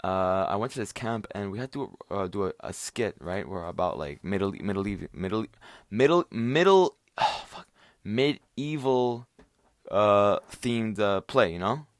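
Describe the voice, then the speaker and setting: A man's voice: sits low, moderate pace, hardly any pauses, no room sound, clean studio sound. A young man hosting a solo podcast, rambling with lots of fillers and restarts, tired and worn out. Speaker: podcast host.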